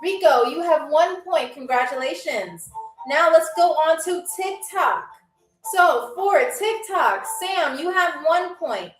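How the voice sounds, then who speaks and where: A woman's voice: extremely high pitch, animated, slow. A woman hosting a live-streamed game show, playful and teasing as she talks straight to her chat. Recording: echoey room with faint music.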